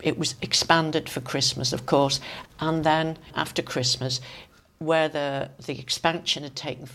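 An older woman with a Manx accent reminisces in a low voice with a gravelly edge. She is a lively storyteller who laughs often and acts out the voices of the people in her tales. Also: a little slow. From Isle of Man. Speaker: interviewee. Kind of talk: reminiscing conversation.

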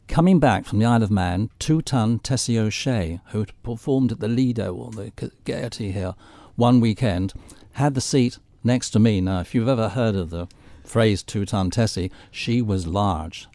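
A man's voice: on the low side, normal speed, few pauses, warm tone, dry recording. An older man telling theatrical anecdotes as a guest on a radio chat show. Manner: theatrical storyteller.

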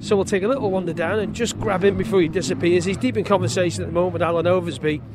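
A man with a high voice talks fast and jokily as he roams a race paddock, grabbing riders for a chat. He is recorded outdoors, with clear background noise around him. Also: fairly even intonation. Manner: brisk, chatty, jokey. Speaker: trackside motorcycle racing reporter. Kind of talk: roving paddock interview.

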